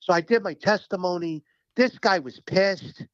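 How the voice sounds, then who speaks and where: A man speaking as a union representative, telling stories in an animated, emphatic, profane way during a casual interview. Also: high-pitched, moderate pace, dry recording, dull audio.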